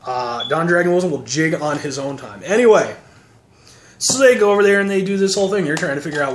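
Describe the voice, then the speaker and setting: This movie reviewer sarcastically recaps action films, rambling casually, swearing, and putting on mocking voices. He talks fast and expressively in a voice on the higher side. The room is echoey, with faint noise.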